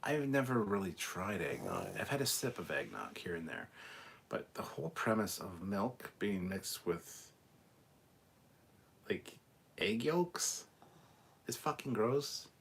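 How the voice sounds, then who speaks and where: A man's voice: lowish voice, sing-song, slow, creaky, pauses often, fairly bright tone, slightly rough. A man hosting a casual live stream, reading chat aloud and ranting bluntly with plenty of swearing.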